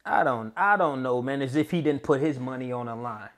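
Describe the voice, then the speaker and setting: A man hosting battle rap reaction commentary, slangy, swinging from low mutters to high, heated yelling. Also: a little fast.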